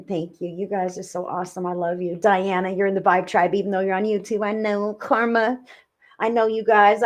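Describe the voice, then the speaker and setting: A woman doing live psychic readings on a stream, chatting with viewers in a gushing, affectionate, rambling way. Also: mid-range voice.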